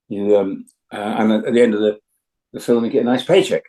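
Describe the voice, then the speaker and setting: An older actor as a guest, chatting casually and telling anecdotes with lots of fillers and restarts. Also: male voice, on the low side, steady tone, a little fast, warm tone, poor audio. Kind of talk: casual interview chat.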